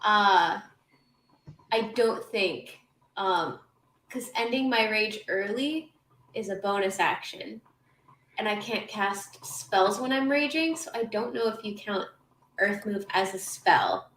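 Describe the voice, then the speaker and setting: A woman's voice: medium pitch, lively intonation, slow, a bit bright. A woman playing in a tabletop game, thinking aloud hesitantly. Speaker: player. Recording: roomy echo, faint hiss.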